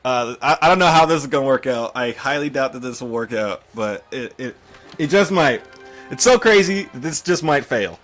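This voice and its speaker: A man giving live gameplay commentary, excitable and panicky, quick to laugh and curse. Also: mid-range voice, soft background music. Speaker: gaming YouTuber.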